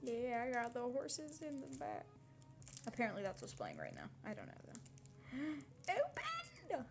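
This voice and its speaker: Soft-spoken woman streamer. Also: a little high, huge pitch swings, normal speed, gravelly. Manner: soft, often whispered, swears casually. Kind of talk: casual stream chat and reading a novel aloud.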